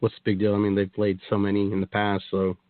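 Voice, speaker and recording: A man's voice: lowish voice, monotone, fast, no echo. A man telling his story as a guest on a talk show, rambling with many restarts and quoted asides. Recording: tinny phone-like line, dry.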